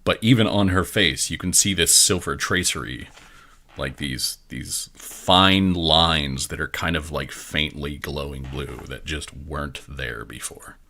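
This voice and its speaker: Deep-voiced, bright game master. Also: male voice, measured pace. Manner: casual, joking, hesitant with fillers. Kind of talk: narrating a tabletop game.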